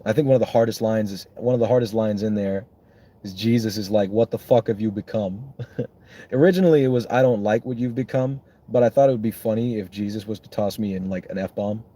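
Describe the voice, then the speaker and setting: A man's voice: fairly low pitch, dark tone. A young man, a songwriter, chatting casually and rambling on with lots of swearing and self-mocking jokes.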